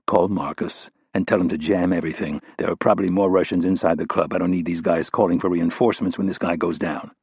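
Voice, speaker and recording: A man's voice: fairly low pitch, big pitch swings, rapid-fire, a little mellow, slightly rough, dry recording. A man voicing a cool, clipped tough agent. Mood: cool, threatening. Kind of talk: audiobook character reading.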